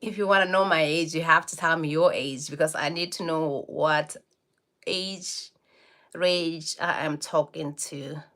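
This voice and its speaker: Slow-talking woman in her forties chatting to viewers. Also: low voice, fairly even intonation, fairly bright tone. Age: 40s. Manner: chatty and friendly, laughing often between remarks. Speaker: livestream host. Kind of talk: casual livestream chat, answering viewer comments.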